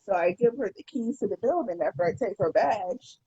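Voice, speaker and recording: A woman's voice: mid-range voice, animated, a little fast, dark tone, slightly rough, no echo, dull audio. A woman co-hosting a podcast, telling a story in casual chat, profane and stumbling over repeated words. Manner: profane, repeats words when starting sentences. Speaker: podcast co-host.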